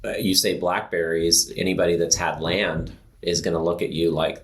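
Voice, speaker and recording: A man with a very low voice co-hosting a relaxed health podcast. He rambles through his points with plenty of "like" and "um", and he laughs easily. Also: moderate pace. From Pacific Northwest of the US. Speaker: podcast co-host. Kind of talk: casual health podcast chat.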